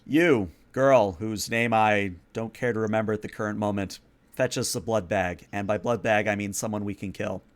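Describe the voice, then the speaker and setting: A man doing a gruff vampire prince. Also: on the low side, steady tone, normal speed, close to an everyday voice. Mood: commanding. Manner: curt and commanding.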